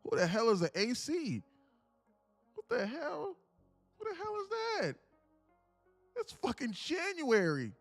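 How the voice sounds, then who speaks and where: Man doing a shrill fed-up trading viewer. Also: wildly swooping pitch, slow, vocal fry, long pauses, soft background music, exaggerated voice. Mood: indignant rant. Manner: indignant, profane, high-pitched complaining. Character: fed-up male trading viewer, broke and ranting.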